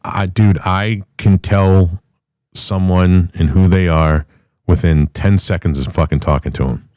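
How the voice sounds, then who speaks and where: A middle-aged man with an extremely deep, dark voice, hosting a podcast. He rambles through a casual monologue, swearing freely and often restarting his sentences. The sound is close and dry. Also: steady tone, measured pace, dry recording. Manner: profane, rambling, with frequent restarts. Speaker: podcast host.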